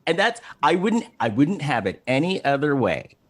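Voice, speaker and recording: A man's voice: fairly high pitch, sing-song, normal speed. A man hosting a podcast, chatting casually and enthusiastically, laughing often and repeating himself. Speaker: podcast host. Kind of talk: casual chat.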